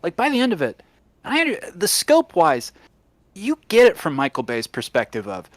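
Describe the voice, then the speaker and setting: A man co-hosting a podcast in casual chat, animated and opinionated. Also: sits high, moderate pace, no echo. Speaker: podcast co-host.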